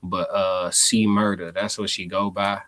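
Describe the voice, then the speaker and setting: A man's voice: low-pitched, measured pace. Slangy male reaction-stream host. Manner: slangy, laughing, animated asides. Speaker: live show host. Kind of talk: casual reaction commentary.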